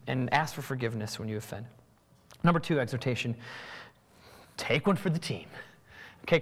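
Man, pastor, sermon, lively swooping delivery, reverberant hall. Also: a little high. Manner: animated, acts out both sides of conversations.

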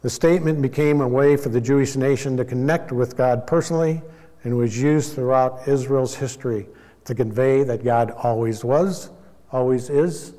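A Bible teacher gives a sermon in a reverberant hall, his mid-pitched male voice calm and explanatory. He speaks in a measured way, making small self-corrections as he goes.

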